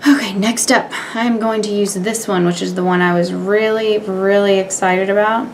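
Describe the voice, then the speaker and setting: A young woman talks through a makeup demo in a loose, candid chat, naming each step as she goes. Her mid-pitched voice has a gravelly, fry-laden edge, with a faint hiss under the recording. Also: steady tone, normal speed. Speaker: beauty vlogger. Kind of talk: casual makeup tutorial and review.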